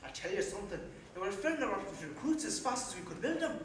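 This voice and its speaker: Man playing a teasing Irish navvy, Irish accent, higher voice, distant echoey hall sound. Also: sing-song, fast talker, a bit bright, slight background noise. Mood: cheeky. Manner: cheeky, teasing, laughs easily. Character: cheeky young Irish navvy, playful. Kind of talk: live amateur stage acting. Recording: echoey hall recording from far off.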